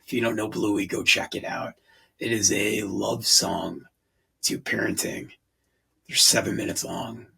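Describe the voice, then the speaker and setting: A man's voice: on the low side, fairly even intonation, a little slow, gravelly, bright, forceful tone, husky, poor audio. A man in his forties hosting a podcast, talking in an earnest, rambling way. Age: 40s. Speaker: podcast host. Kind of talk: casual podcast monologue.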